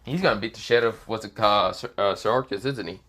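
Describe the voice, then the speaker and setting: A man's voice: on the low side, fast talker, fairly bright tone. A man voicing a sarcastic male demon aide who teases and hesitates, in a fan story reading. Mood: teasing. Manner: casual, hesitant, teasing.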